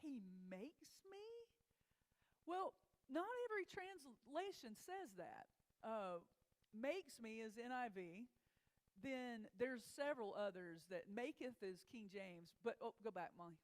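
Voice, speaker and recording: A woman preaching a sermon in a church, conversational, asking the congregation questions and reading scripture slowly. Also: a little high, expressive. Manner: reads scripture slowly and deliberately. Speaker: pastor. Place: church sanctuary.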